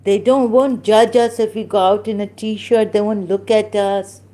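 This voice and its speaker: A woman from Pakistan, telling a personal story in a halting way, full of restarts and fillers and the odd Urdu phrase. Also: medium pitch, steady tone, mellow.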